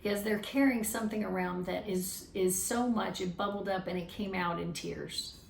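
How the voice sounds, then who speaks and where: A woman's voice: mid-range voice, steady tone, moderate pace, vocal fry, slight background noise. A woman giving an earnest, reflective talk on feelings, sometimes restarting her phrases. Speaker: speaker on emotional wellbeing. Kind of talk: casual teaching talk. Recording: roomy, distant mic with faint ambience.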